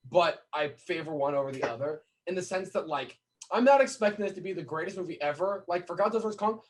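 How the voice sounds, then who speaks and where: A young man co-hosting a casual podcast chat, excitable and joking in quick bursts. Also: a little high. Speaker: podcast co-host.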